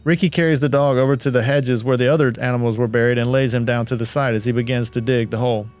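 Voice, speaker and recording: A man narrating a horror story in a plain, steady reading voice. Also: mid-range voice, fast, clean tone, faint music behind.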